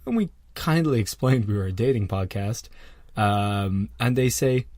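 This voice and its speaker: A man co-hosting a podcast, talking casually and cursing often. His voice moves widely in pitch, climbing when exasperated. The sound is dry and close. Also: unhurried, dry recording. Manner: lively, swearing, rising pitch when exasperated. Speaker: podcast co-host. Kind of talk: casual chat.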